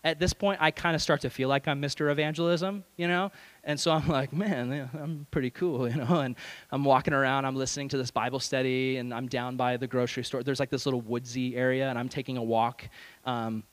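A young adult man, a youth pastor, telling a lively self-deprecating story in a sermon and acting out the voices. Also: mid-range voice, a little fast. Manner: animated, self-deprecating, acts out voices in stories.

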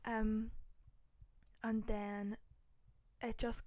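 A woman's voice: on the high side, level tone, drawn-out words, darkish tone, dry recording. A young woman, telling a dramatic travel story in casual chat, full of swearing and fillers. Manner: swears a lot, dramatic, lots of likes. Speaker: podcast host.

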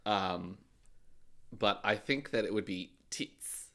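A man's voice: on the low side, sharp tone. A man co-hosting a podcast, chatting casually and teasing his partner with wordplay. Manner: playful, teasing, quick to riff on words. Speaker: podcast co-host. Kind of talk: casual chat recapping a reality show.

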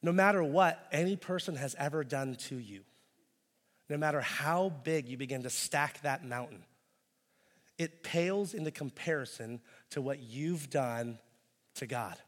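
A male pastor delivers a sermon with a fairly high voice. He drops to a hushed intensity, then rises into loud, impassioned pleading as he acts out voices. A long church-hall reverb trails behind every phrase. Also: unhurried.

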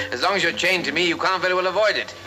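A man's voice: high-pitched, fast, loud music behind the voice, lightly acted, rough recording. An actor playing a dry, teasing man on the run in a 1950s film. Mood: wry teasing. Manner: dry, teasing, then shouting demands.

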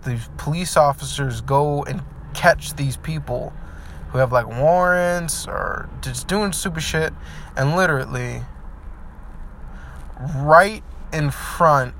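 A man's voice: medium pitch, fairly bright tone, a little hiss or hum. A man speaking in an earnest motivational vlog monologue, heartfelt and rambling with fillers, then blunt and emphatic. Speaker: vlogger.

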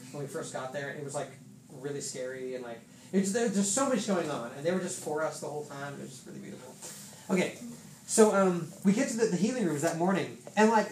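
A man in his thirties rattles through a testimony to a church group. He talks quickly and acts out what other people said along the way. He sounds distant from the mic, in a roomy space with a faint hum of ambience behind him. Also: a little high. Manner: animated storyteller, lots of fillers and acted-out quotes. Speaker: church member sharing a testimony. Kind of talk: casual spoken testimony to a group.

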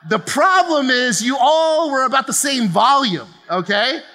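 A pastor from New Jersey, a man in his forties, preaching a lively sermon to a congregation in a casual, joking way and tagging "okay?" onto nearly every phrase. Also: extremely high pitch. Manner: chatty, keeps adding "okay?", quick laughs. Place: large church auditorium. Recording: long hall reverb of a church auditorium.

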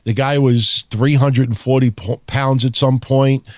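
A middle-aged man hosts a wrestling podcast in loose, casual chat, blunt and heavy on swearing. He talks at a middling pitch. The sound is dry and close to the mic. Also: fairly even intonation, no echo. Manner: blunt, profane, rapid-fire wrestling talk. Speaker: podcast host.

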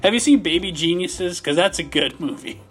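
Brief: young Minnesotan man, slightly high voice, animated storyteller, laughs a lot, faint music behind. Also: fairly quick. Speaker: podcast co-host. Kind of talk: casual chat.

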